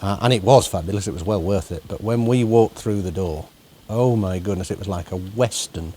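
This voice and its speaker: Male folk show host, chatty questioner, somewhat low voice, faint background hiss. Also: brisk. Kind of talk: interview chat.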